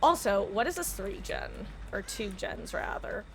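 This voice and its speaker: A woman livestreaming a game, rambling and thinking out loud as she plays and chats to her viewers. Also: mid-range voice, big pitch swings, measured pace, vocal fry, music in the background. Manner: rambling, chatty asides to chat, thinking aloud. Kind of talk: casual live gameplay commentary.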